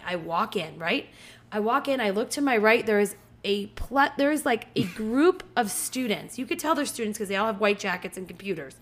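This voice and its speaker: A woman's voice: mid-range voice, expressive, moderate pace. A woman in her thirties telling a story in a casual, profane chat. She talks with energy and acts out the voices of the people in her story.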